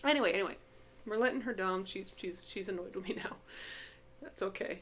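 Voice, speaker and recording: A woman's voice: medium pitch, moderate pace, long pauses, slight background noise. A woman chatting casually in a home vlog about her pets, chatty and affectionate, slipping into baby talk with her cat. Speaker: pet vlogger. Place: home, indoors.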